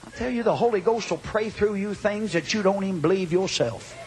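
A man preaching a Pentecostal revival sermon to a congregation, telling a dramatic story that builds into shouting. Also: high voice, fairly quick. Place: church or hall before a congregation.

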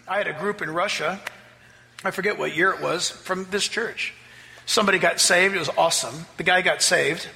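A man pastor preaching a sermon and telling a story, climbing to loud, excited peaks. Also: high voice, normal speed, vocal fry, in a large hall. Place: church sanctuary.

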